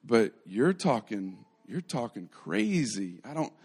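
A man's voice: medium pitch, sing-song, slow pace, a little mellow, slightly rough, full character voice. A man voicing a fiery young disciple who brushes things off in disbelief, acted out inside a sermon. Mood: incredulous.

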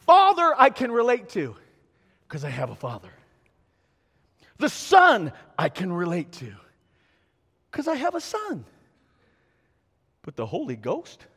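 A man preaching a sermon in a church, animated and exhorting, with call-and-response asides to the congregation. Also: extremely high pitch, takes it slowly, long pauses, breathy edge. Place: church sanctuary. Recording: long reverb of a large hall.

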